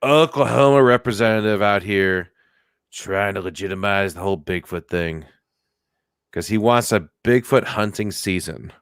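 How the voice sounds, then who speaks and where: A man's voice: on the low side, normal speed, clear, resonant tone, no echo. A man co-hosting a comedy podcast in loose, joking chat. He teases his co-hosts as he goes. His voice sounds dry and close. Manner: joking, teasing. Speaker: podcast co-host.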